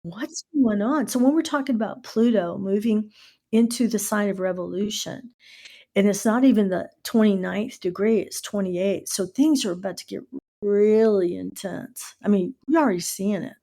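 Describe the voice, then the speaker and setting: A middle-aged American woman hosting a casual podcast, telling stories with lively asides and spelling out words letter by letter. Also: mid-range voice, moderate pace. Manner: animated storyteller who spells out words letter by letter. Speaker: podcast host.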